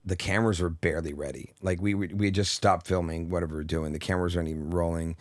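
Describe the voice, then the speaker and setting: A male comedian telling an animated story on a podcast, often restarting his sentences. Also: low voice, racing, dry recording. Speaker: comedian guest.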